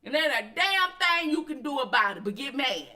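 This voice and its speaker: A woman's voice: high-pitched, big pitch swings, normal speed, bright, forceful tone. A woman hosting a casual commentary stream, blunt and profane, talking straight back to her chat. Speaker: commentary channel host.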